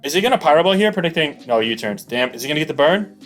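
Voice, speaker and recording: Excitable man commentating a game. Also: fairly high pitch, very fast, faint music behind. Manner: chatty, excitable, rambling with fillers. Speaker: YouTube battle commentator. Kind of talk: casual play-by-play game commentary.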